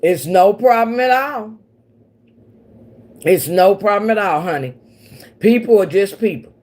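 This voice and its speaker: She speaks a little slowly in a medium-pitched, darkish voice with lively intonation. This woman from Missouri and Oklahoma in the central United States hosts a casual livestream, rambling with viewers and laughing often.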